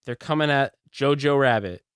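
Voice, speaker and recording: A man's voice: mid-range voice, smooth, no room sound, studio quality. Laid-back man chatting about a film. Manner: laid-back, halting, laughs often. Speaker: podcast co-host. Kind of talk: casual movie review chat.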